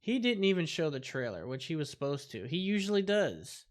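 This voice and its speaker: Guy hosting a chill stream, kinda rambly, highish voice that swings around a lot. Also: very animated, fairly quick. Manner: rambling, reacts to clips aloud. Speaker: host. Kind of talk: casual livestream chat.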